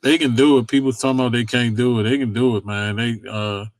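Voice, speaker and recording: A man's voice: medium pitch, fairly even intonation, fast talker, no room sound. A man hosting a sports talk show, chatting loosely about football contracts with lots of fillers and casual vernacular. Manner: loose and conversational, many fillers, Southern US vernacular. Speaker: sports podcast host.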